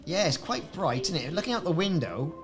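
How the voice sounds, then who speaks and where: A man's voice: fairly high pitch, very animated, a little fast, music in the background. A man casually commenting on his gameplay, chatting to friends and often repeating words as he goes. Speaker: gaming video host.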